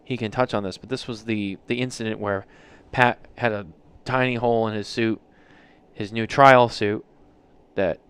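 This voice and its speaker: Teasing male podcast host, smooth voice. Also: fairly low pitch, fairly even intonation, moderate pace, a bit bright. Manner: joking, teasing, profane. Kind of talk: casual chat. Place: podcast studio lounge.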